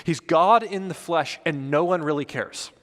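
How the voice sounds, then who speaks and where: A male pastor preaching a sermon, reading scripture and acting out the voices of the crowd in a casual, animated way. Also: on the high side, normal speed. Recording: church hall with long reverb.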